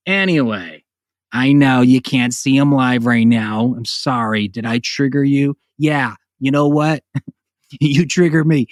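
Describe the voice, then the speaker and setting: A man's voice: medium pitch, no room sound, studio quality. A man hosting his own podcast, ranting in a sarcastic, profane monologue that jumps between jokes and voices. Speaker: podcast host.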